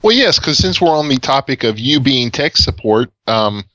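Man, tech podcast co-host, bright forceful voice, rambling explainer, slightly dull sound. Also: medium pitch, lively intonation, normal speed, dry recording. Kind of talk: casual tech podcast chat.

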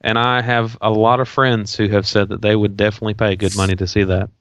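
A man's voice: lowish voice, little pitch movement, fast talker, a bit bright, clear, resonant tone, no room sound, dull audio. A man co-hosting a casual podcast, trading dry, joking banter. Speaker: podcast co-host.

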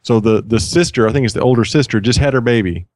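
Wry mid-pitched male podcast host. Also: fast, a little mellow, no room sound, clean studio sound. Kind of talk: casual chat.

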